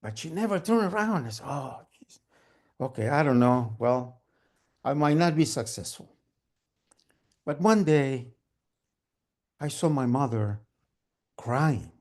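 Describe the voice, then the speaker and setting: A man telling a story at a live storytelling event, animated and humming sewing-machine sounds. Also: mid-range voice, measured pace, pauses often. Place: storytelling event, online gallery view.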